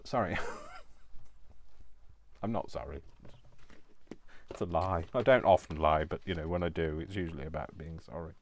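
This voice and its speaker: A craft vlogger decorates a book cover while chatting in a rambling, self-deprecating way. His voice is low, his pace moderate, and he pauses often.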